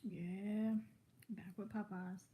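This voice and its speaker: Woman, twenties, pregnant, casual on-camera chat while eating, rambling, warm mellow tone. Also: medium pitch, steady tone, slow. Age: 20s. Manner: rambling, chatty, talks between bites. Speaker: vlogger.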